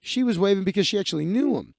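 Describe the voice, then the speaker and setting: Gravelly, high-voiced male streamer. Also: lively intonation, darkish tone, no room sound, studio quality. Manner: rambling, profane, quick asides. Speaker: live stream host. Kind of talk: casual live stream storytelling and chat replies.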